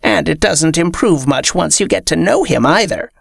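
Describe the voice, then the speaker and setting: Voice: mid-range voice, animated, normal speed, creaky, breathy edge, dry recording, clean studio sound, exaggerated voice. A reader voicing an old, wry, no-nonsense witch.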